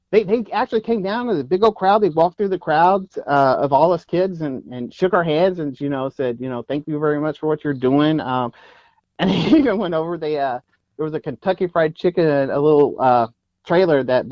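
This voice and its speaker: A man from Texas talks as a guest in a casual interview, telling stories in a rambling way with lots of fillers and restarts. His voice sits fairly high for a man. The sound is dry and slightly muffled, as if on a lo-fi recording. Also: brisk, no echo. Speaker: guest actor and producer.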